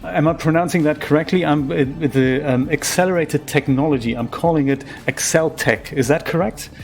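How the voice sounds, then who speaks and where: A man with a fairly high, creaky voice chats freely at a moderate pace while playing a game as a streamer. His commentary is casual and rambling, and he laughs easily.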